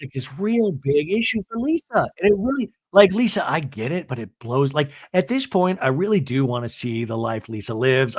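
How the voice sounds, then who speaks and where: A man's voice: fairly high pitch, no room sound. A man hosting a podcast, giving a comedic reality-TV recap and acting out quotes in exaggerated voices. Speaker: podcast host.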